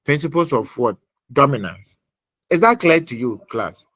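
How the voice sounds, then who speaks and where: A middle-aged man lecturing an online class, repeating points and quizzing students with many pauses. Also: mid-range voice, lively intonation, a bit bright, no room sound. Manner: repetitive, quizzing, fills pauses with uh.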